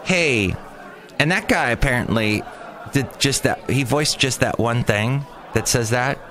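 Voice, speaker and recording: Male solo podcast host, bright tone, mid pitch, loose jokey monologue that wanders. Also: unhurried, some chatter behind, a little hiss or hum. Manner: rambling, jokey, jumps between tangents. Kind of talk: casual comedic monologue.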